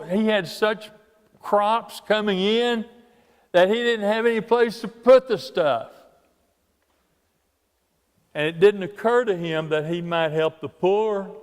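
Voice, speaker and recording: A man preaching a sermon as a guest preacher, telling stories slowly and leaning on key words. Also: sits high. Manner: slow, deliberate storytelling with drawn-out emphasis. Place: church sanctuary. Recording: long church reverb.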